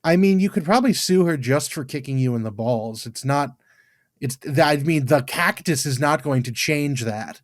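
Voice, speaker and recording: A man with an English accent, co-hosting a podcast in casual chat, blunt and quick to dismiss, swearing freely. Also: a little high, expressive, no echo, studio quality. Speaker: podcast co-host.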